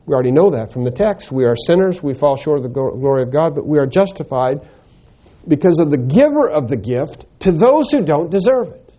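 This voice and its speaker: Male preacher, expository sermon, mellow tone, deliberate emphatic delivery with rhetorical questions. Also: fairly high pitch, animated.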